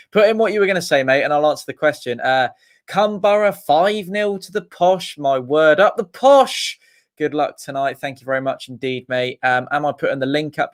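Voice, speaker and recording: Chatty man hosting a livestream. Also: fairly high pitch. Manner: chatty, greets viewers, reads comments aloud. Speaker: livestream host. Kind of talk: casual fan watch-along chat.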